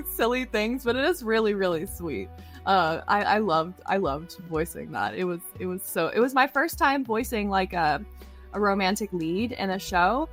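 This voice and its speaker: A woman's voice: mid-range voice, a bit bright. Bubbly woman voice actress chatting. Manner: bubbly, gushing, heavy use of "like". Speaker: voice actress guest. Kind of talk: casual interview chat.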